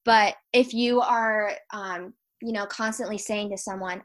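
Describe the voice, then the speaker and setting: A woman's voice: medium pitch, steady tone, measured pace. A young woman co-hosting a podcast, talking casually with lots of fillers and frequent laughs. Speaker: podcast co-host. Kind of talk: casual chat.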